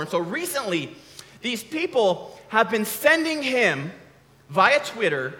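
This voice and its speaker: A man's voice: sits high, sharp tone. A man giving a casual, conversational sermon, often restarting his sentences. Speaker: preacher. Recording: long hall reverb.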